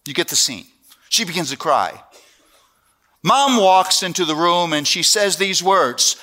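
Middle-aged guy preaching, bright forceful voice, slow and deliberate, slightly high, goes from lively stories to hushed and earnest. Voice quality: animated storyteller who drops to a hushed, earnest tone. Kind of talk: sermon.

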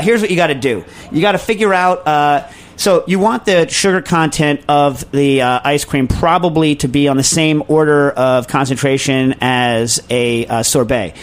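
An American man hosts a casual advice show in a slightly high voice. He rambles and jokes, breaking off and restarting his sentences as he goes. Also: moderate pace. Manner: rambling, self-interrupting, jokey. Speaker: podcast host.

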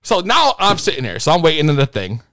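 Talking fast in a bright, forceful voice, this male streamer spins out a lengthy story, cursing often and backing up to restart his sentences. His pitch is fairly high and swoops wildly.

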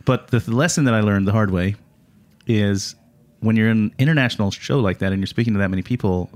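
Guy with a lowish voice hosting a podcast, chatty, laughs a lot, trails off quiet at the end of lines. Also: fast talker. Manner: storytelling, chuckling, drops to a low mumble at line ends. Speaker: podcast host. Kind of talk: casual chat.

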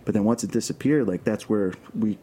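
A man's voice: lowish voice, fairly quick, mellow, a little hiss or hum. A man from Queens with a New York accent, a filmmaker guest rambling with many restarts in casual radio chat. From Queens, New York City.

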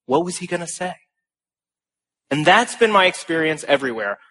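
Young man, conference speech, fairly high voice, bright and forceful, animated storytelling, self-deprecating. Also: moderate pace. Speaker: conference speaker. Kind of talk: speech to a live audience.

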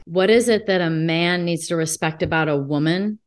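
A woman's voice: on the low side, normal speed, clear, resonant tone. A woman hosting a podcast in casual conversation, asking long questions and musing aloud. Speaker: host.

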